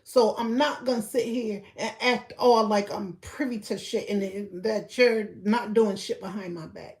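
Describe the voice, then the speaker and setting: A young woman giving blunt, profane gossip commentary on a live stream, repeating her points and breaking into loud laughter. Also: mid-range voice. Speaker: livestreamer.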